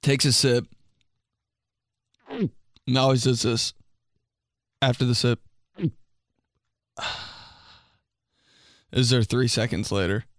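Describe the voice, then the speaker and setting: A man's voice: medium pitch, slow pace, pauses often, no room sound, studio quality. A young man hosting a comedy podcast, telling goofy stories with sudden outbursts and laughter. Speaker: podcast host.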